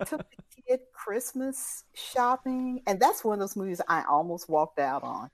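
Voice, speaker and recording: A woman's voice: mid-range voice, unhurried, no echo. A woman telling stories in a casual chat, acting out what people said. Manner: storytelling with lively acted-out quotes.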